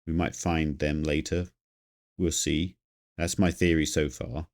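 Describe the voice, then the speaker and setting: A gaming streamer with a rumbling low, creaky voice gives live game commentary at a measured pace and fairly even intonation. He thinks aloud and rambles while he plays, reading chat out loud and talking with viewers.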